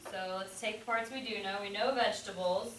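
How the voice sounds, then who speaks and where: A woman teaching a class, upbeat and asking quick questions. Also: medium pitch, fairly even intonation, a bit bright, a little hiss or hum. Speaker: Spanish teacher. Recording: echoey classroom from a distance.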